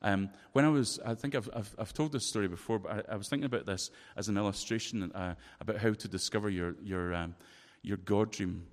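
A man with a Scottish accent preaching a sermon, telling a personal story in a lively, expressive way. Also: fairly low pitch, fairly quick, hardly any pauses. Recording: long reverb of a large hall.

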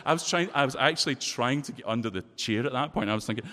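Scottish preacher in an echoing hall. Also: male voice, mid-range voice, quick pace, few pauses. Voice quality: lively, expressive storytelling. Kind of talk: sermon with personal anecdote. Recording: long reverb of a large hall.

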